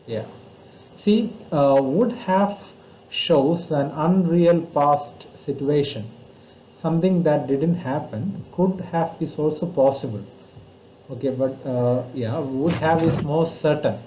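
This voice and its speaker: A man with an Indian English accent from Kerala, teaching grammar online over a video call, explaining slowly and patiently with many fillers. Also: on the high side, dark tone, reverberant, a little hiss or hum, poor audio. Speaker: English tutor.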